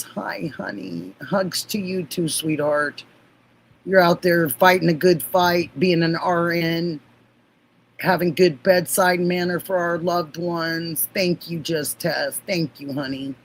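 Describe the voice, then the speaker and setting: A woman hosting a livestream, chatting warmly with viewers and laughing often. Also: lowish voice, a little hiss or hum, rough recording. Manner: gushing, affectionate, laughs often. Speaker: livestream host. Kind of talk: casual livestream chat.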